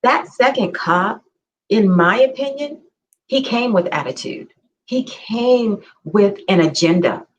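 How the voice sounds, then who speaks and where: A woman's voice: mid-range voice, animated, slow. Earnest woman, slightly dull recording. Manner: earnest storytelling, emphatic repeats. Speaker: podcast co-host. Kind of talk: casual conversation.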